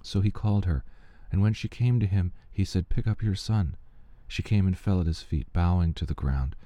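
Man, very low voice, dark tone, dry close sound, measured scripture reading. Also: no room sound. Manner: steady, measured reading with small slips and restarts. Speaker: scripture reader. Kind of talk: unhurried Bible reading.

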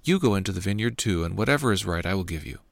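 A man's voice: deep voice, animated, racing, creaky, no room sound. A man reading a firm vineyard master. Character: firm male vineyard owner.

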